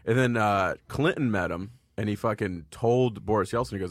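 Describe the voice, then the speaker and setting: A man's voice: on the low side, moderate pace, dry recording, studio quality. A man talking casually on a podcast, swearing freely as he tells a long story. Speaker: guest comedian.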